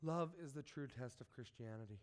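A sick man with a medium-pitched voice reads scripture and preaches at a brisk pace. He is earnest, putting direct questions to his listeners during the sermon.

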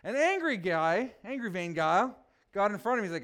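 A man's voice: high voice, a little fast. A man in his forties, a pastor preaching a sermon with humorous stories and joking asides to the congregation. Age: 40s. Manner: joking, self-mocking, animated asides to the congregation.

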